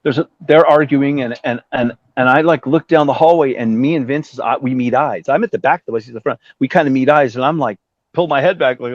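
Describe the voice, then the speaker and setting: A middle-aged guest musician talks fast in a mid-range voice, recorded with no echo but with the highs cut off. In a casual interview, he spins a long, rambling story full of profanity, acting out the lines of the people in it.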